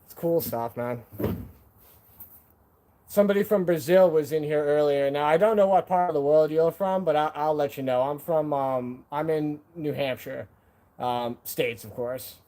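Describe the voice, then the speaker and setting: A man chats easily with viewers on a home live stream. His voice sits a little higher than most men's. His delivery is loose and friendly, full of "man" and "dude", as if he is hanging out with car buddies. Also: a little slow, mellow. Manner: laid-back, slangy, peppers talk with "man" and "dude".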